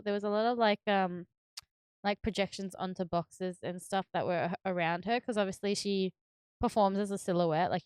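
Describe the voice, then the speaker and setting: A woman's voice: mid-range voice, clear, resonant tone, no echo, clean studio sound. A woman streamer chatting casually and giggling while she builds, swearing now and then and filling her talk with fillers.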